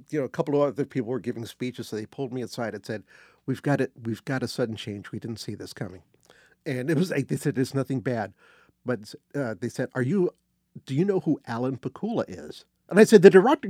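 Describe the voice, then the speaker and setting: A man's voice: medium pitch, a little fast, dry recording. Older guy spinning a story, voice bouncing all over, dry close sound. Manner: animated, acts out quotes, restarts phrases. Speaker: guest telling an anecdote. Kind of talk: casual storytelling.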